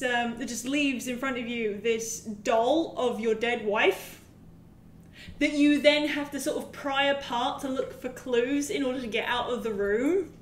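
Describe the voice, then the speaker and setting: A woman co-hosting a casual podcast about games, telling a horror story in an animated, profane way. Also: on the high side, roomy sound, slight background noise. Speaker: podcast co-host.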